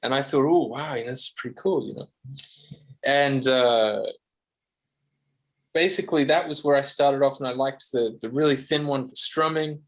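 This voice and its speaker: Aussie guy guesting on a podcast, mid-pitched, rambly and laid back, lots of ums and restarts. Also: moderate pace, long pauses. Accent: Australian. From Australia. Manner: rambling, self-deprecating, frequent fillers and restarts. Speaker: guest guitarist. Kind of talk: casual podcast interview.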